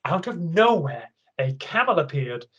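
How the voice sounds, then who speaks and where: A man's voice: fairly high pitch, sing-song, measured pace, fairly bright tone, breathy edge, highs cut off, exaggerated voice. A man voicing a kind mother giraffe. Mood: recounting.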